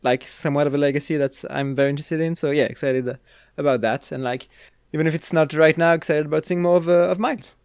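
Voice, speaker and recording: Smooth-voiced woman co-host, dry sound. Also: low-pitched, steady tone, fast, few pauses, a little mellow, dry recording. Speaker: podcast co-host. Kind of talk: casual podcast chat.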